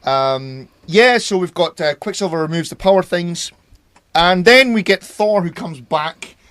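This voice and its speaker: A man's voice: high voice, measured pace, fairly bright tone, no echo, studio quality. A man hosting a casual podcast chat, leading the talk and swearing freely.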